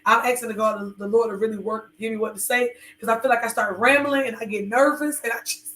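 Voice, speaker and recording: A woman's voice: fairly high pitch, fairly even intonation, fast, a bit bright, roomy sound. A woman co-hosting a podcast, chatting candidly with her husband and rambling with many fillers. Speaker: podcast co-host. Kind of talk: casual chat with her husband.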